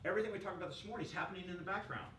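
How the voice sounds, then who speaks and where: An American man presenting at a small business workshop, energetic and joking, asking the audience questions. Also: sits high, racing. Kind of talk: live seminar presentation. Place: meeting room with small audience. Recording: roomy echo from a distance with faint noise.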